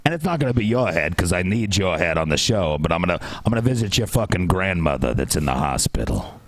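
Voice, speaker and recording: A man's voice: deep voice, very animated, fast talker, voice pushed down. A man putting on the voice of a menacing male mafia enforcer on a casual podcast. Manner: threatening, growled orders.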